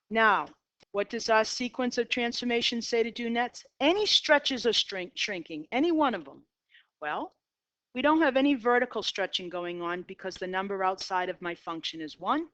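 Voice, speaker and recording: This middle-aged Boston-accented woman is lecturing a math class, upbeat as she narrates her own graph sketches. Her medium-pitched voice is clear, resonant, and a little bright. The audio is dry and comes across dull and lo-fi.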